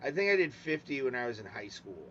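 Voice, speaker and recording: A man's voice: mid-range voice, very animated, quick pace, a bit bright. An American man co-hosting a podcast in casual chat, crude and joking. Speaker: podcast co-host. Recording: dull lo-fi sound with faint noise.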